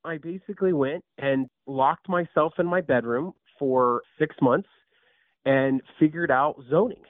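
Brief: man, 30s, founder-guest, animated storyteller who stumbles and restarts, heard on a dry, phone-like line. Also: a little high, a little slow, no room sound. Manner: restarts a lot, repeats words, animated. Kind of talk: casual storytelling interview.

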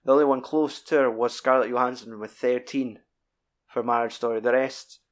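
A man's voice: medium pitch, fairly even intonation. A man in casual podcast chat, rambling and sweary. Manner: sweary, rambling, quick bursts.

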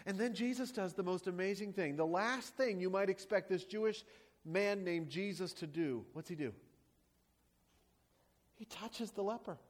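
A man's voice: high voice, moderate pace. A man preaching a sermon as a pastor, praying and then teaching with rhetorical questions and emphatic repetition.

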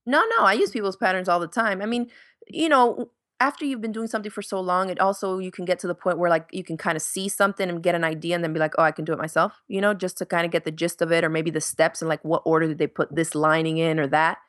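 Chatty woman telling lively stories. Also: lowish voice, fast, no room sound, clean studio sound. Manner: chatty storyteller, acts out quotes with laughs. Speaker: podcast guest, sewing YouTuber. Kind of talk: casual interview chat.

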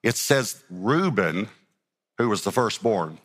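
Man, pastor, lively sermon, repeats words when restarting, long echo from a big hall. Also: lowish voice, slow, slightly rough. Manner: dramatic, acts out Bible scenes in character voices.

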